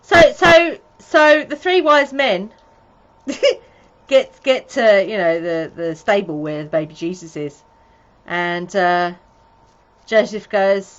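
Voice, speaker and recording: A woman's voice: medium pitch, expressive, slow pace, long pauses, muffled recording. Giggly chatty woman. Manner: giggly, chatty, playful joker. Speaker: co-host. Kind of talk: casual live-stream chat.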